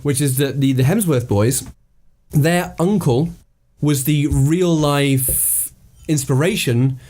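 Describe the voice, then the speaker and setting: A man's voice: fairly high pitch, slow pace, a little mellow. A man co-hosting a podcast in casual chat, playful and steering the talk, swearing casually. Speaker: podcast co-host.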